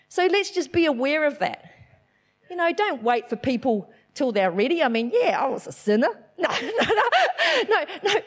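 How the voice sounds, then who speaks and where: A middle-aged woman giving a chatty, animated church message, telling a personal story with self-deprecating laughs. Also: sits high. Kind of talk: personal testimony sermon.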